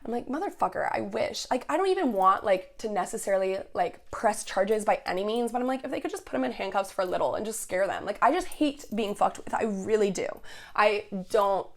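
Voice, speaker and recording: A young woman rants through a roommate story, cursing freely and jumping into the voices of the people involved. Her voice sits at an ordinary middle pitch, and her delivery is loose, casual and animated. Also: a little fast. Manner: swears a lot, heated and animated, quotes people as she tells it. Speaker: podcast host.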